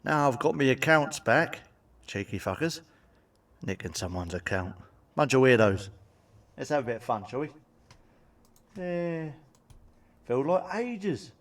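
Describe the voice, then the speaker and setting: A man rattles off sweary stand-up gags in a blunt, cheeky manner. His voice sits in a middle pitch and comes across a little distant from the microphone. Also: lively intonation, measured pace, long pauses. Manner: blunt, sweary, cheeky jokes with tag questions. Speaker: stand-up comedian. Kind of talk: stand-up joke monologue.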